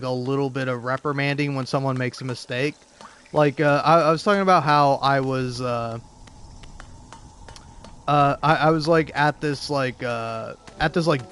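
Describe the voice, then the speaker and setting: A man's voice: a little high, a bit bright, a little hiss or hum. A young man telling a casual, rambling anecdote full of restarts, fillers and swearing. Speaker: podcast host.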